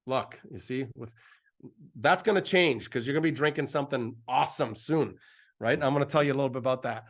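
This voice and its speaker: Speaking briskly, this middle-aged presenter runs a live show built around a hyped, repetitive sales pitch. He keeps getting himself more and more worked up as he talks.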